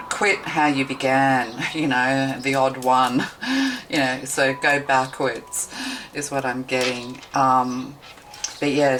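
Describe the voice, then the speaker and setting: Low-voiced woman giving a tarot reading. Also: background noise. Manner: meandering, intuitive, thinking aloud with many fillers. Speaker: tarot reader. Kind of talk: tarot card reading to camera.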